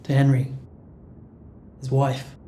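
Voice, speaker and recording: An actor playing a political colleague who speaks in a dry, sarcastic way. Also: male voice, mid-range voice, completely flat delivery, slow pace, mellow, echoey room, a little hiss or hum, lightly acted. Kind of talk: film drama dialogue.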